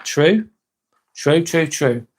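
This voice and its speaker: English guy hosting a live vlog, slightly high voice, candid and rambling. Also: animated, extremely slow, a little hiss or hum. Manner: candid, rambling, reads viewer comments aloud. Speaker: live-stream host. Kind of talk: casual live-stream chat.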